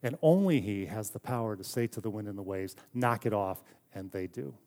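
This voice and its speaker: A man preaching a sermon in a conversational, story-telling way, often dropping to a soft hush for emphasis. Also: on the low side, expressive, fairly quick. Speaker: pastor.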